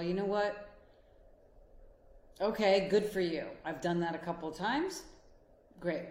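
A woman's voice: lowish voice, darkish tone, roomy sound. A woman who works as a life coach and couples therapist, giving a motivational talk and speaking straight to the listener in an earnest, encouraging way. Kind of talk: motivational monologue.

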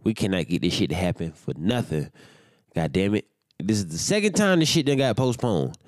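Young male podcast host, low-ish voice, sleepy, profane, rambling solo chat, dry close mic. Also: very animated, brisk, dry recording. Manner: loose, rambling and profane, yawning. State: sleepy, without his morning coffee.

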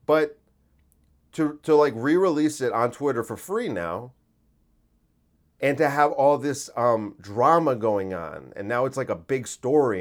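In an animated, unhurried mid-range voice, a man hosting a podcast meanders through a casual monologue. He leans heavily on filler words and swears freely.

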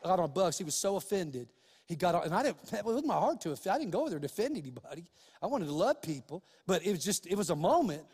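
A man's voice: sits high, husky, long reverb tail. A man preaching a sermon as a story, acting out the voices of the people in it. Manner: animated storytelling, acts out quoted voices.

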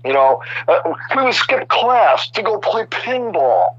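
An older man in his sixties chats as a guest, his stories full of restarts and sudden animation. His voice sits a little high. The audio is dry and somewhat dull, like a remote radio call. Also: unhurried, slightly rough, dry recording. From Chicago area. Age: 60s. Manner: rambling, animated, many restarts. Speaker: guest artist. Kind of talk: casual storytelling interview.

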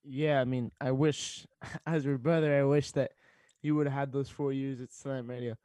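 A teenage boy, a student radio sports director, talks on air while fighting back tears, halting and laughing. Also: mid-range voice, level tone, mellow, no room sound. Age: teens. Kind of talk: emotional casual chat on radio.

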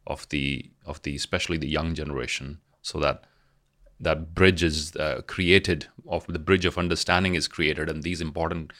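A man interviewing a guest, with a very low, deep voice. He speaks in a measured way and often answers with brief affirmations. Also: steady tone, a bit bright. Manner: measured, with frequent short affirmations. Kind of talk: conversational interview.

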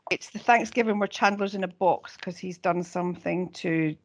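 Lady podcast co-host, a bit of fry in her voice, retells scenes with gusto. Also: on the low side, normal speed. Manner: animated, quotes lines with relish. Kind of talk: casual chat.

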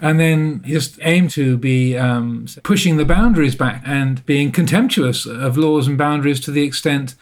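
A man telling a personal story as an interview guest, thoughtful and self-deprecating, often pausing to rephrase. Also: a little high. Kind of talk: reflective storytelling.

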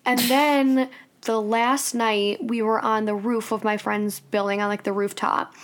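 A woman's voice: flat delivery, unhurried. A young woman co-hosting a podcast, telling a story in casual chat and often quoting people. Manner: chatty storyteller, quotes people in a higher voice. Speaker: podcast co-host. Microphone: studio microphone.

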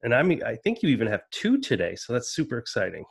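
A woman's voice: very deep voice, wildly swooping pitch, quick pace, gravelly, slightly rough. A woman hosting a podcast, encouraging her guest and laughing along. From Massachusetts. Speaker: podcast host.

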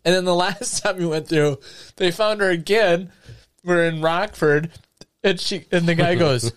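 A man's voice: high-pitched, expressive, unhurried, no echo, studio quality. A man telling casual, profane travel anecdotes in a podcast chat, acting out the people in his stories.

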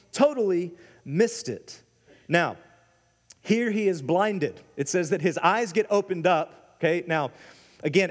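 A high-pitched man delivers an animated sermon as pastor, throwing himself into quoted lines with sudden leaps in pitch. His voice rings out with a long reverb tail, as in a large church hall. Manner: animated preaching, acting out quotes with big pitch jumps.

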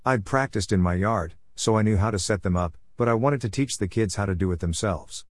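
A man narrating a storybook in a steady, plain reading voice. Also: fairly low pitch, fairly quick, no room sound, studio quality.

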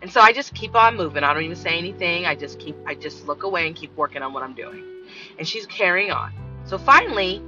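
A woman's voice: lowish voice, quick pace. A woman telling a story from work in a casual monologue and acting out the voices of the people in it. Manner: animated, acts out voices in her story. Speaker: vlogger. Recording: dull lo-fi sound with faint music.

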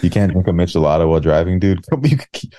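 A man's voice: deep voice, expressive, fast, warm tone. A man in casual podcast chat who tells rambling, profane anecdotes.

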